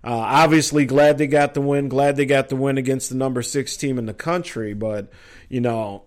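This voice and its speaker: A man's voice: mid-range voice, steady tone, normal speed. Middle-aged minnesota guy hosting a sports talk show, rambling, lots of uhs and ums. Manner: chatty, rambling, with frequent fillers.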